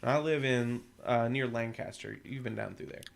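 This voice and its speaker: A man's voice: medium pitch, normal speed, gravelly. A young man casually telling a long, profane story on a podcast, acting out what people said. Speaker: podcast co-host.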